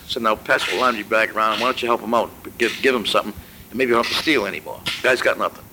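A man's voice: medium pitch, fast. An older man telling a prison story in a blunt, profane way, swearing freely. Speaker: interviewee. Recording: noisy recording.

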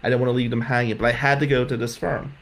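A man with a gravelly, creaky voice tells his own story candidly and at length. He rambles, circles back, and swears when he's upset. A faint hiss sits behind his voice. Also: mid-range voice, flat delivery, quick pace. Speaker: guest telling his life story. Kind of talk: emotional personal storytelling. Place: jail visiting room.

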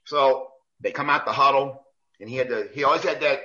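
Man, referee guest, animated storytelling, sharp forceful tone, mid pitch, dull lo-fi recording. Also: fairly quick, a little hiss or hum. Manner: lively anecdotes, acts out quoted lines, many restarts. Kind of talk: animated storytelling in a podcast chat.

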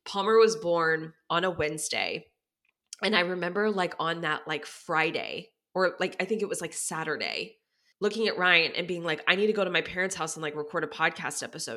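Bright-voiced woman, chatty and teary. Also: on the low side. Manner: chatty, says "like" very often, emotional and teary at times. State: near tears. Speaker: podcast host. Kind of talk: candid personal talk.

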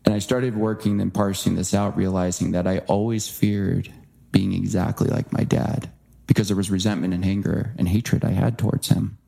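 Male interview guest, low mellow voice with some fry, earnest storyteller. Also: moderate pace. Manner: earnest, animated impressions when quoting. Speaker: guest author.

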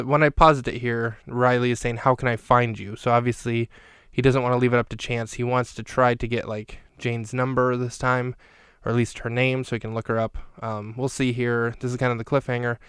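A man's voice: medium pitch, little pitch movement, fairly quick, hardly any pauses, fairly bright tone, clean tone, dry recording. A man hosting a podcast, casually recapping a film scene by scene in a chatty, rambling way with dry jokes.

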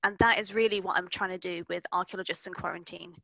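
A woman speaks as an archaeologist guest on a podcast, explaining her work in a relaxed, measured way. Her voice is bright and sits close and dry, though the audio is dull and lo-fi. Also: on the low side, gravelly, no room sound. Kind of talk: casual conversation.

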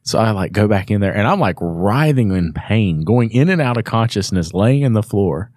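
Low-voiced man telling a story. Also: moderate pace, no echo, clean studio sound. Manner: animated, acts out quoted voices. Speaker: podcast guest. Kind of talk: casual storytelling.

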